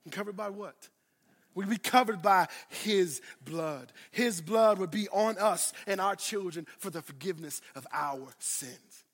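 A man preaching a sermon, swinging from loud declarations to hushed asides and repeating phrases for emphasis. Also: high voice, unhurried, long reverb tail. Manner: addresses congregation directly, repeats phrases for emphasis. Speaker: pastor.

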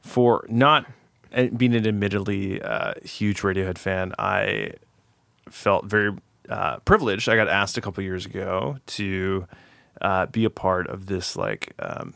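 A man's voice: low-pitched, gravelly, fairly bright tone, no room sound. A man telling a long story in a casual podcast chat, rambling with lots of fillers.

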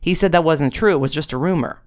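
A woman's voice: deep voice, fast talker, a little mellow, pitched above the performer's own voice, close to an everyday voice. A storyteller voicing a blunt, brash young woman on painkillers who talks in an exasperated way and swears a lot. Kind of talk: storytelling read-aloud.

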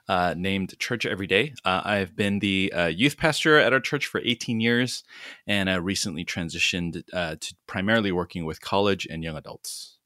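Deep-voiced man, measured speech. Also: sharp tone, dry recording, studio quality. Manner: measured, frequent "uh" pauses. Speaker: youth pastor, podcast guest. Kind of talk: casual interview chat.

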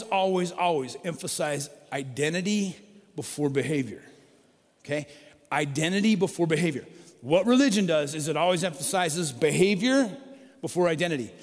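A middle-aged man preaches a sermon in a chatty, conversational way, leaning hard on repeated key phrases. His voice sits slightly high for a man. The sound carries the long reverb of a large hall. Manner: conversational preaching, rising to emphatic stresses. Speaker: pastor.

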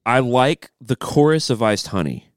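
A man co-hosting a casual album review chat, blunt and quick to laugh, swearing now and then. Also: mid-range voice, big pitch swings, no room sound, clean studio sound. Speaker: podcast co-host.

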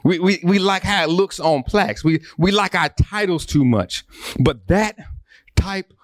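A man's voice: high-pitched, measured pace, no echo, clean studio sound. A man preaching a sermon, repeating phrases and building emphasis. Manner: preaching with repetition and rising emphasis. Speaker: pastor.

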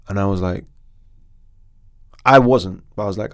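A middle-aged man, an actor, telling a story in a podcast interview with animated restarts. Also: fairly low pitch, normal speed, long pauses, dry recording, studio quality. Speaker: actor guest.

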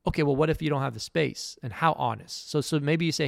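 A man's voice: a little high, fast talker, vocal fry, no echo, clean studio sound. A middle-aged man hosting a podcast, giving a blunt, emphatic motivational monologue. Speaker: podcast host.

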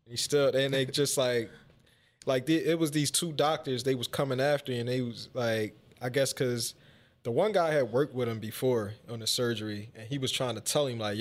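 A man chatting casually with friends, relaxed and loose, full of "like" and restarts. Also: mid-range voice, moderate pace. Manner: laid-back, loose, lots of "like". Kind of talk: casual chat.

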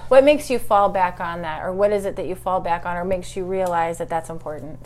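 A woman's voice: lowish voice, fairly quick, darkish tone, a little hiss or hum. A middle-aged woman interviewing an old friend in a friendly, encouraging way, with murmurs of agreement as she listens. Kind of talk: casual conversational interview.

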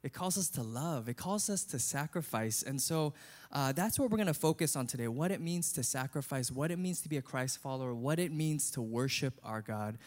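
Male pastor, conversational sermon delivery, mid-range pitch. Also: expressive, fairly quick, a little mellow. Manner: earnest, conversational preaching.

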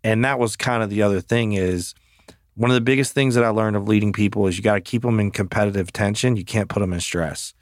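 A man's voice: lowish voice, fairly even intonation, fast talker, no room sound, clean studio sound. A man hosting a podcast in casual chat, blunt and profane, telling stories with emphasis. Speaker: podcast host.

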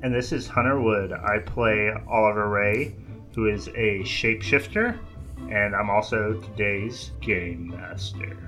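A man's voice: on the low side, measured pace, pushed and bright, soft background music. A man acting as game master on a tabletop podcast, dry and matter-of-fact. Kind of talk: casual tabletop podcast chat.

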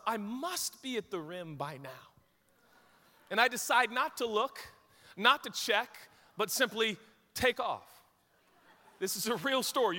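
A man's voice: sits high, long reverb tail. A man from Washington state preaching a sermon as a pastor, telling a self-deprecating story with jokes. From Washington state, USA. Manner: self-deprecating, joking, lively anecdotes. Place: church sanctuary.

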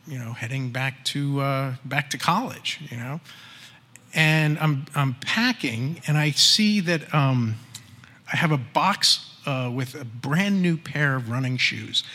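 A man telling a personal story in an animated way, acting out the voices of people in it and using many fillers. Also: on the high side. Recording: long hall reverb with faint music.

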